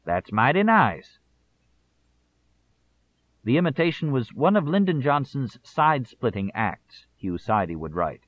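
A man narrating a nonfiction audiobook in a measured, deliberate manner. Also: mid-range voice, expressive. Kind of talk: scripted narration. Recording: tinny phone-like audio.

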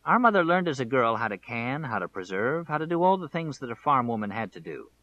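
Guy doing old small-town lady remembering, earnest, pitched up a bit, audiobook. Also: very animated, brisk, a bit bright, lo-fi sound. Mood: reminiscing. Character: elderly small-town woman, fond and earnest. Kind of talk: audiobook character reading.

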